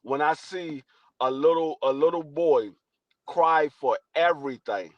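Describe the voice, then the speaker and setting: An older man and podcast co-host, telling stories in an animated, casual way. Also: on the high side, unhurried, no room sound. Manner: animated storytelling. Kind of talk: casual chat. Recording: dry, dull lo-fi mic.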